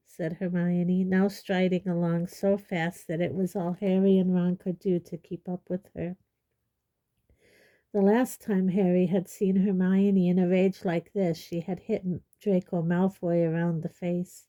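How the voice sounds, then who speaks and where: Woman reading an audiobook, mellow. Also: fairly low pitch, unhurried. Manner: steady storytelling. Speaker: audiobook reader. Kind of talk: audiobook narration.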